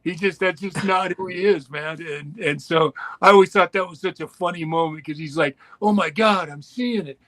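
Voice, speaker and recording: A man's voice: on the high side, steady tone, normal speed, few pauses, fairly bright tone, dry recording. Profane older man telling a story. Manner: profane, laughing, acts out voices in stories. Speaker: guest storyteller. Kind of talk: crude casual storytelling.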